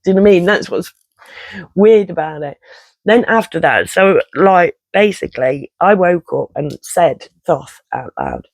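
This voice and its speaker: A man's voice: high-pitched, animated, unhurried, vocal fry, dry recording, low-quality recording. A man, telling a rambling personal story in casual vlog style, swearing and interrupting himself often. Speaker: vlogger.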